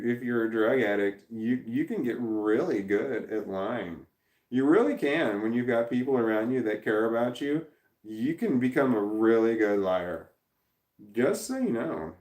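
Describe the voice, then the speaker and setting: A man's voice: medium pitch, a little mellow. Middle-aged guy rambling on his livestream, swears a lot, keeps restarting his sentences, sounds echoey. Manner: rambling, profane, self-interrupting. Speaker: livestream host. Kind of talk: casual livestream chat reading comments. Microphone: camera in front. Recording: roomy echo.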